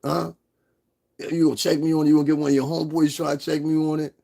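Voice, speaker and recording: Brief: profane, confrontational livestream host, gravelly and husky, laughs a lot. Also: male voice, fairly high pitch, little pitch movement, quick pace, warm tone. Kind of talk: casual livestream rant.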